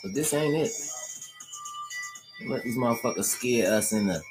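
A woman's voice: rumbling low, animated, normal speed. A woman hosting a podcast, talking in a loose, profane, streetwise ramble during a casual livestream. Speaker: podcast host. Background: music playing.

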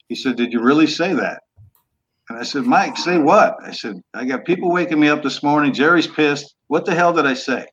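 A man in his sixties, a former quarterback, telling stories in a relaxed, rambling way with some rough language. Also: medium pitch, muffled recording. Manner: laid-back, trailing off, rough language. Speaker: guest, former football quarterback. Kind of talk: casual storytelling interview.

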